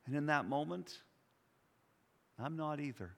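A man in his sixties preaching a sermon, telling personal stories in an earnest, reflective way with soft pauses. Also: on the high side, expressive, vocal fry, big-room sound. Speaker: pastor.

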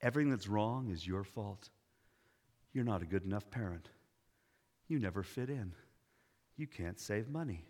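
A man voicing Jesus, speaking slowly and deliberately with tenderness and authority. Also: on the low side, expressive, a little mellow, voice pushed down. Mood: tender. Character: Jesus, gentle but commanding man. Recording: long hall reverb.

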